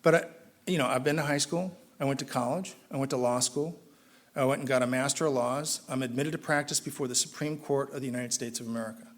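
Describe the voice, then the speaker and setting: This middle-aged man from Southern California talks fast as an AA speaker, sharing his recovery story with a meeting. He imitates the people involved, getting loud and high-pitched in his excited moments.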